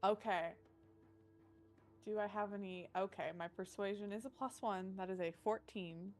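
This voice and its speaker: A woman's voice: mid-range voice, fairly even intonation, normal speed, darkish tone, soft background music. A woman playing in a tabletop game, chatting casually as she narrates her dice rolls. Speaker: player.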